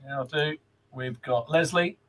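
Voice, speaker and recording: A man's voice: on the high side, measured pace, fairly bright tone. A man hosting a casual livestream podcast, cheerfully greeting viewers and reading out their comments. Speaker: podcast host.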